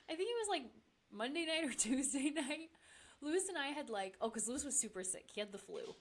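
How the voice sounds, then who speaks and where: A woman's voice: high voice, expressive, brisk. A woman chatting casually as a podcast guest, laughing often and using many fillers. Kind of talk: casual chat.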